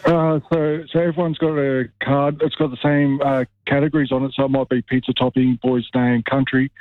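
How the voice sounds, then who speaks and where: An Australian man calls in to radio, his voice flat and even as he calmly explains. The sound is thin and tinny through a phone line. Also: mid-range voice, normal speed, no room sound. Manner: relaxed, explaining. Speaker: caller.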